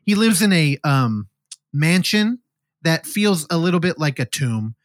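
Lively rambling man reviewing a movie. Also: fairly high pitch, a little slow, no room sound, clean studio sound. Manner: rambling, jokey, acts out characters' lines. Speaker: podcast co-host. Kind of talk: casual podcast film review.

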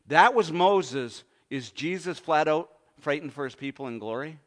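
A man preaching a sermon, swinging from hushed low lines to loud ones and asking the congregation questions. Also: expressive, moderate pace. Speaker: pastor.

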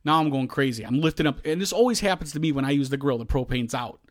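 A man, a podcast host, telling a long frustrated story in casual chat, shouting now and then as he acts out the scene. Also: a little high, fast talker, no echo, studio quality. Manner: animated, yells when reenacting.

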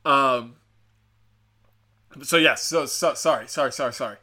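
A man's voice: medium pitch, a little slow, bright, forceful tone. A man hosting a podcast, telling a show's story in a rambling, profane, joking way. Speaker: podcast host. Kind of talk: casual rambling show recap.

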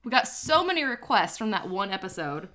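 Young female host, playful and giggly, bright tone. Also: medium pitch, sing-song, fairly quick. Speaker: podcast host. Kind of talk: casual chat.

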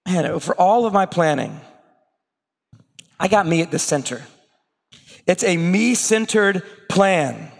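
A man preaching a sermon in a conversational way, slipping into quick acted asides. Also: sits high, expressive, vocal fry, in a large hall. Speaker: pastor.

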